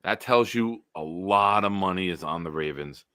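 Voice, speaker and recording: Man, low voice, forceful bright tone, casual sports stream host, animated, dry close sound. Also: normal speed, smooth, dry recording. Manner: animated, hypes picks and reads chat comments aloud.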